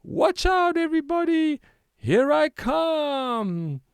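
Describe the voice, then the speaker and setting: A man voicing an excitable, daring young forest friend in a children's storybook. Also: a little high, slow, vocal fry, no room sound, clean studio sound, pitched above the performer's own voice, full character voice. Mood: excited. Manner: shouty and gleeful.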